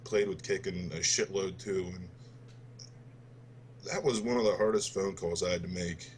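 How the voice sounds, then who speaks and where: A man's voice: low-pitched, steady tone, normal speed, a little hiss or hum. A man in his twenties on a gaming podcast, telling a story to friends in a loose, profane way and laughing as he goes. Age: 20s. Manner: laughs through his story, swears freely. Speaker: podcast co-host.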